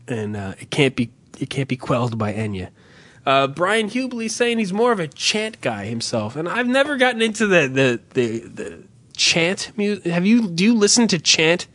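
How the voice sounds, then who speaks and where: A man co-hosting a podcast in casual, profane banter, rambling and animated as he tells stories. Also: on the high side, no echo. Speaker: podcast co-host.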